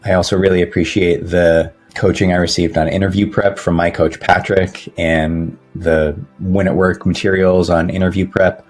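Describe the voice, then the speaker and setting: A man giving a measured, sincere recorded testimonial as a former coaching client. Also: low voice, little pitch movement, a little mellow, soft background music.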